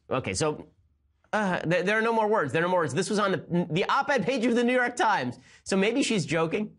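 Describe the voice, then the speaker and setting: A man in his thirties hosting a political commentary show, talking fast with sarcasm and disbelief. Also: on the high side, a bit bright. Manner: rapid, incredulous, sarcastic. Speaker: host.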